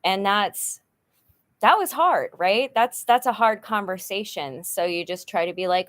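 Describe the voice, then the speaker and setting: A woman's voice: medium pitch, animated, a little slow, fairly bright tone. A middle-aged woman talking frankly in a personal vlog, rambling with many fillers and sounding frustrated and worn down. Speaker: vlogger.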